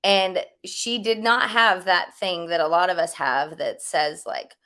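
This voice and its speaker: A woman's voice: on the low side, fairly even intonation, measured pace, bright, forceful tone. A woman spiritual teacher giving casual, rambling advice, full of fillers and restarts. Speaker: spiritual teacher answering questions.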